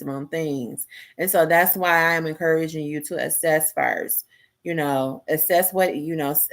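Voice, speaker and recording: Woman, middle-aged, motivational mentor, slightly low voice, encouraging, repeats herself, lots of fillers. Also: a bit bright. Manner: repetitive, encouraging, many "you know" fillers. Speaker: mentor and prevention advocate. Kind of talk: motivational talk.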